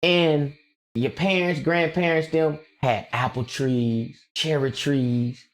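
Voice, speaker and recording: A male streamer rambles through a casual livestream rant, jumping between thoughts and reacting to his chat. His voice sits a touch on the high side, and his loose, slangy delivery is full of quick laughs and energy. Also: steady tone.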